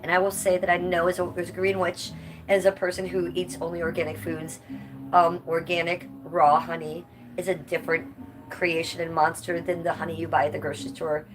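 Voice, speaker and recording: A woman's voice: lowish voice, noisy background. Chatty woman hosting a casual livestream. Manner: chatty, blunt, swears casually. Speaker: livestream host. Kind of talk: casual livestream chat reading comments.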